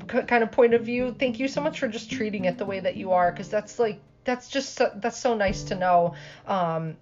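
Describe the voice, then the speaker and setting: A woman's voice: medium pitch, a little mellow, highs cut off. A woman hosting a podcast interview, friendly and reacting often with short exclamations. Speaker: podcast host. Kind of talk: casual interview.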